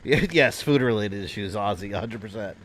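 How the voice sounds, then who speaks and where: Brisk and lowish, with a fairly bright tone, the streamer wanders from topic to topic while playing a game live at his home desk. He keeps things casual and self-deprecating.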